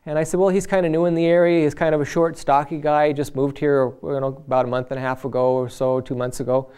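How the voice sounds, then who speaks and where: A man's voice: on the high side, flat delivery, fast, dark tone, clean tone. A man sharing a personal faith testimony from the pulpit. He talks in an earnest, conversational way and slips into the voices of the people he quotes. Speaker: lay preacher.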